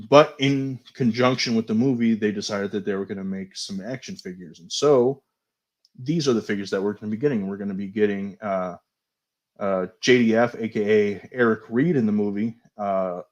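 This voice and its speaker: A man hosting a toy show, casually going over new action figures, chatty and unhurried, often hedging and fumbling for names. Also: lowish voice. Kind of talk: casual toy news review.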